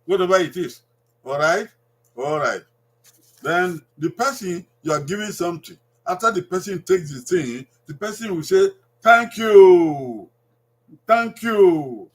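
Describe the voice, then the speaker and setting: A man with a Nigerian accent giving a language lesson, repeating each word slowly and drawing it out for learners. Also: high voice, expressive, fairly bright tone, slightly rough. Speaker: language teacher.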